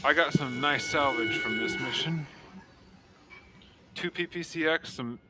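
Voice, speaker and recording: A man giving casual, excitable gameplay commentary with many fillers. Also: on the high side, a little slow. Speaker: gameplay video creator. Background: loud game music.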